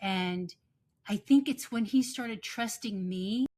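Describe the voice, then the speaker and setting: A woman co-hosting a podcast who tells stories in an animated way and repeats phrases for emphasis. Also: mid-range voice, slow pace. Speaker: podcast co-host. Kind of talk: casual chat.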